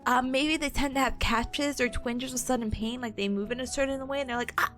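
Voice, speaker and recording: A young woman with a hoarse, fading voice, reviewing study notes for her stream in a bubbly, giggly, chatty way. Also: high-pitched, steady tone, fairly quick, fairly bright tone, soft background music.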